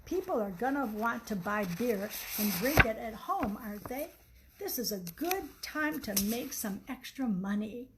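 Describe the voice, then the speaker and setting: A woman's voice: on the high side, animated, a little slow, noisy background. A woman reading aloud, voicing an eager, pushy husband who talks emphatically. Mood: persuasive. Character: eager scheming husband, a working man.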